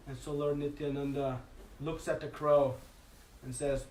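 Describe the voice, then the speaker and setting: High-voiced man telling a devotional story. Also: moderate pace. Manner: expressive storytelling with frequent "uh" fillers. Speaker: speaker giving a religious class. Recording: echoey hall, mic at a distance.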